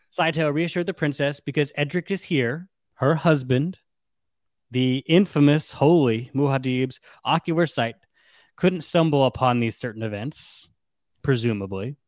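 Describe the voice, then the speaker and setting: A young man co-hosting a casual chat, retelling a story with lively, acted-out quotes. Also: fairly high pitch, measured pace, no echo, studio quality. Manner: animated, acts out quotes with shifts in voice. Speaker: podcast co-host recapping a novel.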